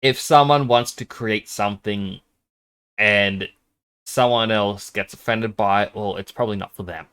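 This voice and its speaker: A man's voice: fairly low pitch, a little slow, fairly bright tone, smooth. Man streaming from home: loose, rambling chat, a bit shy, tries out whispering on his microphone. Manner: rambling, self-conscious, tests whispering at the mic. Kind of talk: casual game-stream chat.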